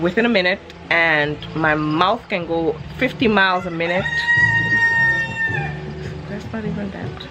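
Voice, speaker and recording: Over background music, a woman in her thirties with a lowish voice chats casually for her vlog out in a yard. She rambles playfully, jumping quickly from one thought to another.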